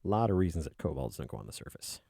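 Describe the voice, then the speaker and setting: A man's voice: extremely low pitch, sing-song, fast talker, creaky, warm tone, dry recording, studio quality. A man chatting casually on a stream, rambling and joking as if he were a kobold. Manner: rambling, joking, speaks as a kobold in his own voice. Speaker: art streamer. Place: indoors at a desk.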